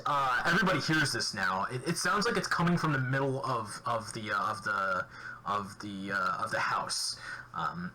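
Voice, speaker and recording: A man narrating a tabletop role-playing game as game master, halting with many fillers and restarts. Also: medium pitch, sharp tone, poor audio. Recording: faint background noise.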